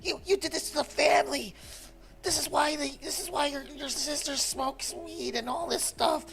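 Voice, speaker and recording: A man voicing his distraught middle-aged mother, shrieking accusations in a high-pitched, scolding voice. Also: moderate pace, creaky, crowd noise. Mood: hysterical scolding.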